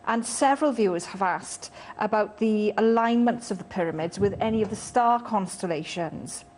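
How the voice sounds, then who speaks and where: A woman reading out viewer texts and questions on a TV talk show, brisk, with filler uhs. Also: medium pitch, a little mellow, slight background noise.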